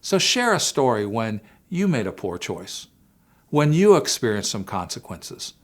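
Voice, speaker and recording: A man's voice: mid-range voice, sing-song, a little slow. Earnest man telling a life story. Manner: earnest, swings between hushed and emphatic. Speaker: Christian family-series speaker. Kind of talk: personal storytelling talk to parents.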